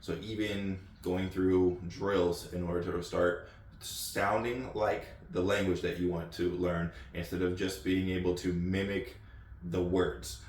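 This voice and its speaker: A man's voice: low voice, flat delivery, a little slow, darkish tone, a little hiss or hum. A man from the United States hosting his channel, chatting off the cuff with lots of ums and restarts. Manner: rambling, many ums and repeated words. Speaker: channel host. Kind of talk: casual off-the-cuff talk. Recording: echoey room, distant mic.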